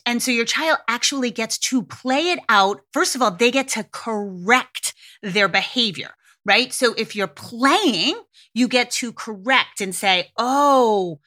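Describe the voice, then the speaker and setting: Bright-sounding woman doing a parenting podcast, kinda high voice, super candid, swears a lot. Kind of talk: casual podcast monologue.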